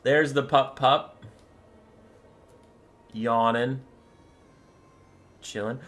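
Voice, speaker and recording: A young streamer who says he feels sick and sounds stuffy chats casually with viewers as he sets up a strategy game, rambling and cooing over pet photos. His medium-pitched voice moves at normal speed with frequent pauses, and the sound is a bit bright.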